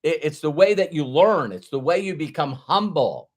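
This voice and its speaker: A business coach with a fairly high-pitched voice tells a motivational story at a normal speed, keeping it casual and animated. He frequently restarts and repeats words as he goes.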